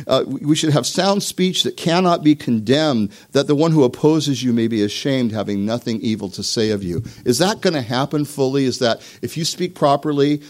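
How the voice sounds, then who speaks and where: A male pastor preaching to his congregation. He is lively and joking, and his pitch rises sharply whenever he mimics someone self-righteous. He has a mid-range voice and a conversational pace. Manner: animated, mocking voices for examples. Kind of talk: sermon. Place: church before a live congregation.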